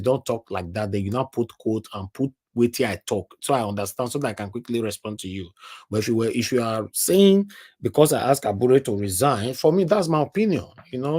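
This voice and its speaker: A Nigerian man hosts a live call-in stream in a casual, chatty way. His voice sits at an ordinary middle pitch. He speaks straight to his viewers and slips into pidgin now and then. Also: a little mellow. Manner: chatty, addresses viewers directly, mixes in pidgin. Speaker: live show host.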